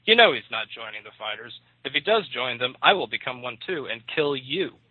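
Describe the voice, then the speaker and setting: A man's voice: medium pitch, lively intonation, a little fast, breathy edge, dry recording. A man playing a fed-up shaman mother, on a tinny phone line. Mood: threatening. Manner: exasperated, scolding. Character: fierce middle-aged mother, tribal shaman.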